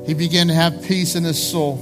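An impassioned male preacher delivers a sermon in a fairly high voice that climbs into pleading peaks. Music plays clearly underneath him throughout. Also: little pitch movement, a little fast. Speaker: pastor.

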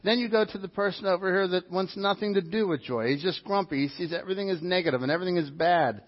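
Male pastor, sermon, husky and slightly high, animated with repeated lines, dull lo-fi recording. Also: quick pace. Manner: animated preaching with mimicked voices and repetition. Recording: dull lo-fi sound.

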